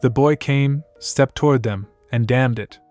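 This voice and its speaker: A man reading a scripted story recap in a flat, even, somewhat stiff way. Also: mid-range voice, a little slow, faint music behind. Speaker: narrator. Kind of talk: scripted manhwa recap narration.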